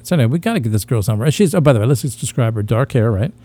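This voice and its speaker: Boastful rambling man with a dark voice. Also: medium pitch, animated, very fast. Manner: boastful, rambling, self-mocking with frequent laughs. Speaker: podcast co-host. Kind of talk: casual crude comedic banter.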